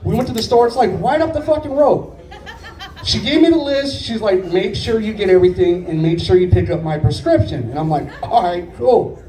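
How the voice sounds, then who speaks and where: A man's voice: sits high, expressive, fairly quick, mellow, a little hiss or hum. A man in his thirties doing a stand-up comedy set, telling stories in a rambling, profane, conversational way. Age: 30s. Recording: echoey room picked up from far off.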